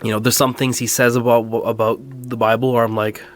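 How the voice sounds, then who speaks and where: A man co-hosting a podcast, talking in a measured, thoughtful way in casual chat, with wry laughs. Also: medium pitch, little pitch movement. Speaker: podcast co-host.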